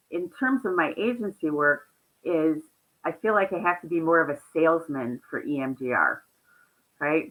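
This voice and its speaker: A woman counselor, a guest in an interview, telling animated stories about her clients, often laughing and quoting their words. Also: deep voice, narrow, tinny audio. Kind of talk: conversational interview storytelling.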